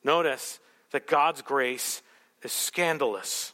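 A man preaching a sermon, emphatic and rhetorical, telling the story with animated asides. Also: mid-range voice, normal speed, big-room sound. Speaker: pastor.

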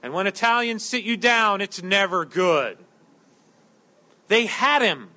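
A man preaching a sermon in a lively, joking way, acting out quotes and voices as he teaches. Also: high-pitched, takes it slowly. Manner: animated, jokey preaching with acted-out quotes. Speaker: pastor.

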